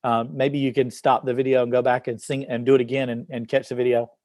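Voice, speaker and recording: A man's voice: mid-range voice, level tone, fast talker, a little mellow, no echo, studio quality. A man, an upbeat teacher reading poetry to students and encouraging them, with many fillers. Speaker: educator presenting to students. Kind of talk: reading a poem aloud to a class online. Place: office.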